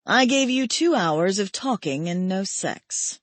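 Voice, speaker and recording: A woman narrator voicing an intense, brooding male lover in an audiobook, hushed and intimate. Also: medium pitch, lively intonation, measured pace, no echo, natural voice.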